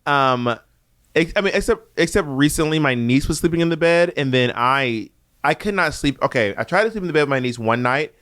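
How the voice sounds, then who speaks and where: A man from Atlanta co-hosts a casual podcast chat, his fairly high voice swooping all over as he tells teasing stories. The sound is dry and close, with no room around it. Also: brisk, dry recording. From Atlanta, USA. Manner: animated, teasing storyteller with playful mock quotes. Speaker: podcast co-host.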